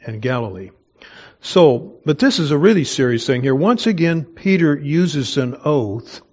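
A man's voice: mid-range voice, a little mellow, muffled recording. An older man preaching a conversational Bible sermon, digressing with personal stories and chuckles. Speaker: pastor. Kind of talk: expository sermon.

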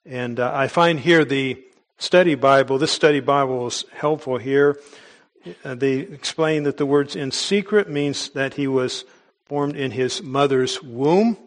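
A man's voice: mid-range voice, unhurried. A man preaching a sermon in an earnest, emphatic way, with small restarts as he goes. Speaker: pastor.

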